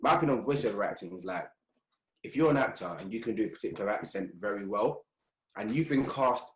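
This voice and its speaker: A young man co-hosting a podcast, relaxed and slangy, laughing easily in casual chat. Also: lowish voice, fast talker. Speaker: podcast co-host. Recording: roomy echo.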